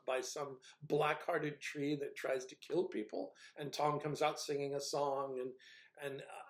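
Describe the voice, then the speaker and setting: A man's voice: a little high, echoey room. A man giving casual spoken commentary as a video reviewer, rambling and hesitant with a wry, grumbling manner. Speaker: video essayist reviewing a TV series.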